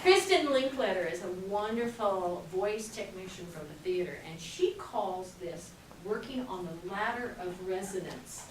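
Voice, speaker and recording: A woman's voice: mid-range voice, lively intonation, a little slow, hardly any pauses, a little hiss or hum. Woman voice teacher coaching in echoey classroom. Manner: encouraging, demonstrative, laughs often. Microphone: distant camera mic. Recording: echoey classroom, far mic, piano music. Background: piano.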